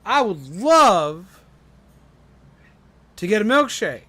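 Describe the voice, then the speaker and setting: A man's voice: sits high, big pitch swings, slow pace, pushed and bright, pitched above the performer's own voice, full character voice. A man voicing a pushy, cheerful male duck who keeps begging for a milkshake in a chummy, wheedling way.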